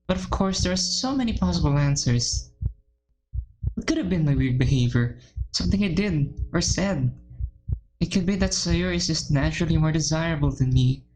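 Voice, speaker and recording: A woman reading a shy, self-loathing teenage girl in first person, quiet and shaky. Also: low voice, lively intonation, normal speed, a little hiss or hum, low-quality recording. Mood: despairing.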